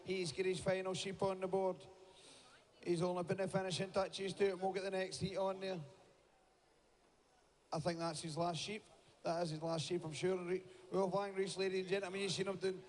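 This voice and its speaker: A man's voice: high voice, little pitch movement, moderate pace. A man commentating live at a shearing contest, rallying the crowd and chatting with his co-host. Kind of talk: live sports commentary over a PA.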